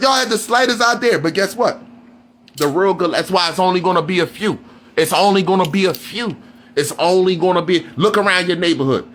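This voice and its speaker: Very high-pitched man ranting profanely. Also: a little hiss or hum. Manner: profane, preachy, often shouting; repeats questions to press the listener. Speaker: live-stream host. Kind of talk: heated live-stream rant.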